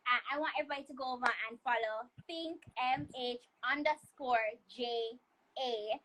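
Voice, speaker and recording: A woman's voice: sits high, normal speed, fairly bright tone, poor audio. A woman hosting an interview, enthusiastic and encouraging, leaning hard on key words. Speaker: interview host.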